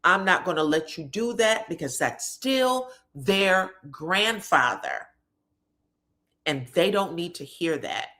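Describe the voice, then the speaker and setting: A woman's voice: lowish voice, expressive, takes it slowly, pushed and bright. A woman casually recapping a reality show episode in a chatty, conversational way. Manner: chatty, conversational, drops in "you know what I'm saying".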